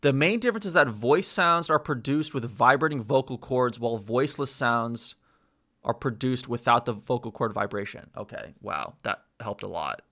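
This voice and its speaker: A man's voice: medium pitch, animated, moderate pace, fairly bright tone. A man vlogging as he practises pronunciation, repeating words over and over and mocking his own attempts. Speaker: vlogger learning a language. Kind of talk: casual vlog practice session.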